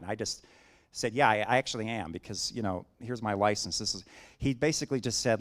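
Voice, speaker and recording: A man's voice: fairly low pitch, a little fast. A middle-aged man giving a sermon, telling a personal story with acted-out dialogue and building to emphatic preaching. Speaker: guest preacher.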